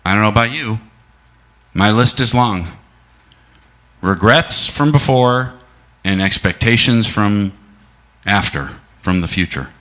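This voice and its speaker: Bright-voiced man giving a reflective sermon. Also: on the low side. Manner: reflective, asking listeners many rhetorical questions, slowing down for emphasis. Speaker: guest speaker at a church service.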